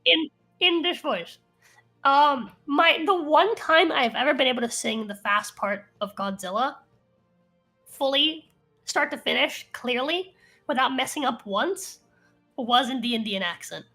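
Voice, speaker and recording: A woman's voice: sits high, expressive, measured pace, pushed and bright, soft background music. A woman co-hosting a podcast, telling a story in a chatty way and laughing often. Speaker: podcast co-host. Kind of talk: casual chat.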